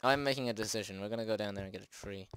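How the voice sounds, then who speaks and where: A man's voice: on the low side, very fast, a bit bright, slight background noise. A man hosting a let's play, chatting and joking at himself with jumpy exclamations. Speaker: gaming channel host. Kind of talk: let's play game commentary.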